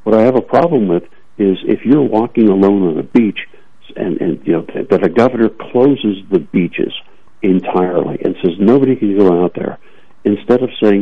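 A man's voice: fairly low pitch, moderate pace. A man giving emphatic, opinionated commentary on talk radio, often repeating words as he starts a thought, heard over a tinny phone-like line.

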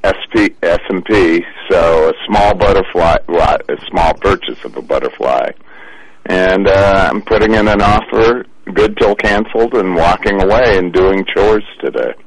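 A man's voice: sits low, normal speed, poor audio. A man calling in to a radio show to give a wry, self-deprecating market update. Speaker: market commentator, caller. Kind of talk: casual market chat.

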